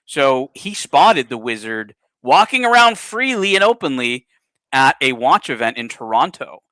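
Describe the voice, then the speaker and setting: Man, stream host, casual chat, rambling, lively pitch, dry sound. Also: a little slow, no echo. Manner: rambling, with many fillers. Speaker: livestream host.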